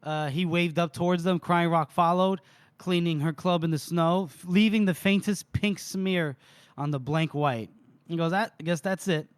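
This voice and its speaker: A man's voice: a little high, steady tone, normal speed, clear, resonant tone, no room sound. A man co-hosting a podcast, casually retelling book chapters and quoting the characters' lines with frequent laughter. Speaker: podcast co-host recapping chapters. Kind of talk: casual book recap chat.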